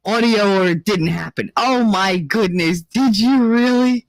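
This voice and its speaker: A woman's voice: mid-range voice, lively intonation, slow pace, creaky, no echo, poor audio. A young adult woman hosting a livestream, telling crude stories in casual chat and breaking into laughter often. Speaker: livestream host.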